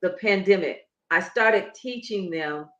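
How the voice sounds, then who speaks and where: A woman's voice: fairly low pitch, unhurried, fairly bright tone, muffled recording. A woman who coaches Pilates and breathing, explaining emphatically in a conversational interview. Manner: emphatic, instructive, demonstrating as she explains. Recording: echoey room.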